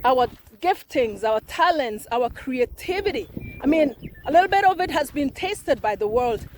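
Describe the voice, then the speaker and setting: A high, bright-pitched woman from Africa talks straight to camera in an opinion vlog. She is middle-aged and emphatic, and her delivery is fervent as she builds her case point by point. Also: lively intonation, moderate pace, slight background noise. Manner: impassioned, emphatic, counting off numbered points. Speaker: vlogger.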